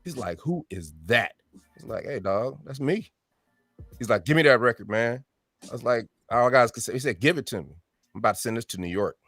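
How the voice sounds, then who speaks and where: A man's voice: medium pitch, brisk, no room sound, faint music behind. A man in his fifties telling his story as an interview guest, acting out quoted voices and often adding "right?". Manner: animated storyteller who acts out quoted voices; frequent tag question "right?". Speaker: music artist guest.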